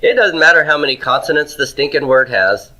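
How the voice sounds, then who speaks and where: A man's voice: on the high side, lively intonation, fairly quick, bright, forceful tone, poor audio. A man teaching Hebrew grammar in a classroom lecture, asking questions and answering them himself.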